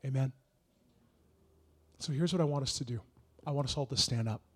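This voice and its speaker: A young man preaching a sermon, earnest and encouraging, building into shouted prophetic declarations. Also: mid-range voice, a little fast, slightly rough.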